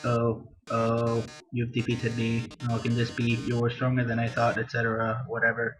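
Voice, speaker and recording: A man doing a theatrical showman robot, low and soft. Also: monotone, brisk, over music, natural voice, poor audio. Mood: mock-defeated. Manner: dramatic, calling everyone darling.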